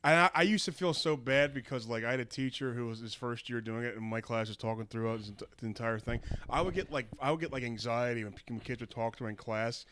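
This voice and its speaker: A man's voice: medium pitch, fast, hardly any pauses. A young man in his twenties, a podcast co-host, telling stories in a rambling casual way with many restarts. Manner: rambling, restarts, bursts into shouting. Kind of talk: casual chat.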